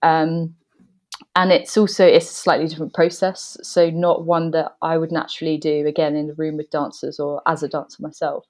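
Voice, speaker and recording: A woman guest on a podcast, a movement director and dancer, answering thoughtfully with frequent pauses and fillers. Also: low-pitched, flat delivery, a little mellow. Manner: thoughtful, hesitant with frequent ums. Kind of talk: reflective podcast conversation.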